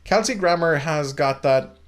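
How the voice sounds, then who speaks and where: A man's voice: a little high, a little slow. A man hosting a film review podcast, rambling and joking in casual chat with plenty of fillers.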